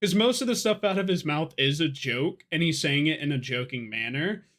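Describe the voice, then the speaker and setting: A man's voice: on the high side, expressive, normal speed, fairly bright tone. A young man co-hosting a casual drinking podcast, tipsy, rambling and profane, laughing often. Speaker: podcast co-host.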